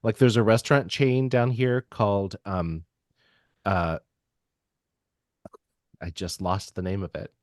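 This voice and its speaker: Co-host type: man with a lowish voice, halting and full of ums, on a dry close mic. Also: little pitch movement, darkish tone, dry recording. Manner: hesitant, many ums and restarts. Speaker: podcast co-host. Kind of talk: casual chat.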